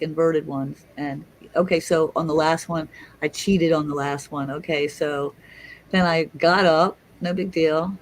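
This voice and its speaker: Animated storytelling woman, casual chat. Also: low voice, rough recording. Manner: animated, swearing, acts out quotes. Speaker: guest storyteller.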